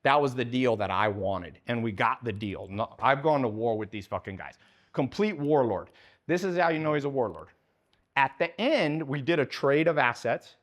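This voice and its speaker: A man with a mid-range voice talks at normal speed during a live business seminar. Blunt and full of profanity, he throws questions at the audience and plays out the characters in his anecdotes.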